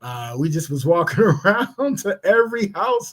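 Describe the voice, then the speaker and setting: A man from Cleveland co-hosting a podcast, telling a story in a casual, animated way and acting out the voices in it. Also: fairly high pitch, normal speed. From Cleveland, Ohio. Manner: animated, laughing, acts out voices in his stories. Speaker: podcast co-host.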